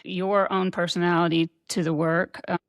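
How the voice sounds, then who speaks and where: A woman's voice: fairly low pitch, flat delivery, moderate pace, no room sound. Reflective woman interviewer, dry sound. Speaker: podcast host. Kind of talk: conversational interview.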